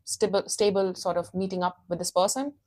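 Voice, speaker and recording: A woman's voice: mid-range voice, fairly even intonation, brisk, darkish tone. Intense, emphatic woman tarot reader. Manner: intense and emphatic, repeats phrases; calls listener honey. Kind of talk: casual spoken tarot reading.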